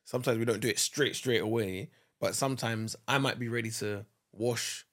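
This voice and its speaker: A man's voice: medium pitch, steady tone, moderate pace, a bit bright. A man co-hosting a casual couple's podcast, explaining his point through everyday household examples in an easygoing way. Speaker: podcast co-host.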